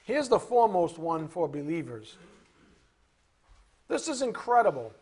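A man giving a sermon as a Bible teacher, animated, asking rhetorical questions and acting out little scenes. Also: high-pitched, measured pace, husky.

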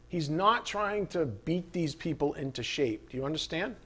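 A man preaching a sermon, conversational and animated, asking the listeners rhetorical questions. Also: sits high, moderate pace, hardly any pauses, husky. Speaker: pastor.

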